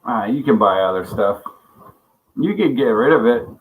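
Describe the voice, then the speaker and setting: A man's voice: medium pitch, lively intonation, normal speed, phone-quality sound. A man hosting a casual livestream chat, rambling and swearing a lot, often laughing as he greets viewers by name. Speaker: livestream host.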